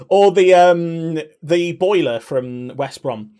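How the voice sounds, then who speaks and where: A man's voice: on the high side, takes it slowly, mellow, smooth. A young man chatting candidly and rambling on a live stream, swearing and laughing often. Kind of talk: casual chat.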